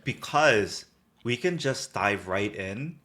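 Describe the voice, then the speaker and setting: A man's voice: fairly low pitch, expressive, takes it slowly, pushed and bright, a little hiss or hum. A man co-hosting a podcast in a casual, upbeat chat, laughing often. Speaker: podcast co-host.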